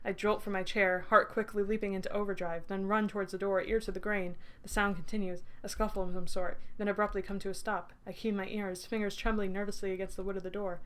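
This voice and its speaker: A woman's voice: mid-range voice, flat delivery, fast talker, few pauses, fairly bright tone. A young woman streamer reading a story game aloud, breaking off to swear and laugh at it. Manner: swears freely, bursts into laughter. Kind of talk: reading a visual novel aloud with reactions.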